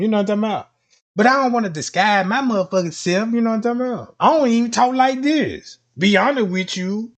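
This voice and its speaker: A man's voice: high-pitched, quick pace. Profane rambling man telling street stories. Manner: profane, rambling, repeats "you know what I'm talking about". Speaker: streamer. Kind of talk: casual street storytelling monologue.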